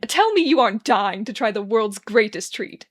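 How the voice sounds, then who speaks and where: An excitable young man with a bright, sing-song voice that jumps high when he gets worked up, as a woman reads him aloud. He plays at being haughty and teasing, all zest and theatrics, in a storybook reading. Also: moderate pace, natural voice. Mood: excited.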